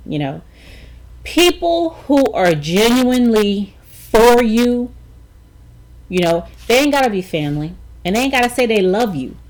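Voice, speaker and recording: A woman's voice: on the high side, big pitch swings, unhurried, darkish tone, rough recording. A middle-aged woman vlogging a personal story, emphatic and talking straight to her viewers with frequent check-ins.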